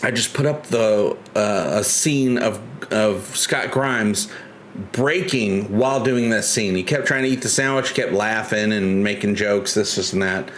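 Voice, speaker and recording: A man's voice: lowish voice, unhurried, fairly bright tone, a little hiss or hum. A man hosting a casual live stream, chatty and joking, who rambles and restarts his sentences often. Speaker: livestream host.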